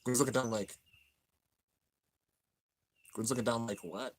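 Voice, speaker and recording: A young man narrating an anime finale as he watches it live, excited and emotional. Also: medium pitch, unhurried, no room sound. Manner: excited, narrating on-screen action, drops to near-tears murmurs. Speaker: anime reaction host. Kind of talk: live reaction commentary.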